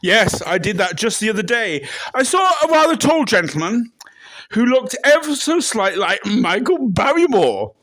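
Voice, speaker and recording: A man answering questions in a deadpan comic interview, breaking into loud shrieking impressions. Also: sits high, moderate pace, no echo, poor audio. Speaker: interviewee in a comedy sketch.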